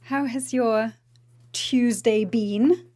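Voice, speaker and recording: A woman's voice: on the high side, very slow, dark tone, no room sound. A woman chatting casually on a livestream, greeting viewers, giggling, tired after the gym. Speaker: streamer.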